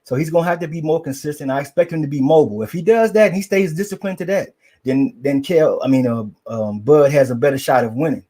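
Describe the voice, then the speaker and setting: Male boxing pundit with a fairly high voice, loose and rambling. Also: quick pace, mellow. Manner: rambling, fillers, slangy. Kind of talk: casual boxing chat.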